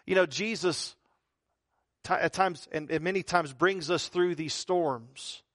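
A man's voice: fairly high pitch, a little slow, fairly bright tone, dry recording, clean studio sound. A male pastor preaching a conversational sermon, full of rhetorical questions and repeated phrases.

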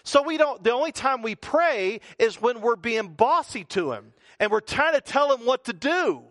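A man's voice: very high-pitched, sing-song, moderate pace, a bit bright, no room sound, studio quality. A male pastor preaching a conversational sermon, full of rhetorical questions and repeated phrases.

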